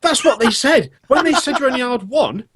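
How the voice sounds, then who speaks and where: A man's voice: very high-pitched, expressive, a little fast, a bit bright, breathy edge. A man hosting a casual podcast chat, ranting in disbelief with lots of swearing. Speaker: podcast host.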